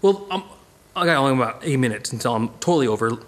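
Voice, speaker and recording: A man teaching a casual Bible study, animated and digressive, chuckling as he goes. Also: medium pitch, fast.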